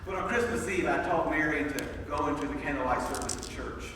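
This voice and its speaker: A man's voice: a little high, brisk, a bit bright, slight background noise. A man preaching, retelling a story in the first person with dramatic build and repeated words. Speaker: pastor. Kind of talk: sermon storytelling. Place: church sanctuary. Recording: echoey hall recorded from far off.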